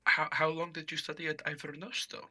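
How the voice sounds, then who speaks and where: An awkward young woman adventurer asks polite, nervous questions, as a man plays her. She sounds shy and unsure of herself. The voice is bright and tense. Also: a little high, flat delivery, fairly quick, no room sound, clean studio sound, voice pushed up. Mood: curious.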